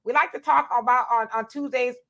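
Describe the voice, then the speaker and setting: A woman with a fairly high voice, from Southern California, co-hosts a live stream. She chats casually and directly with her viewers. She tells her stories with animated energy. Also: fairly quick, highs cut off. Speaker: co-host of a live stream show.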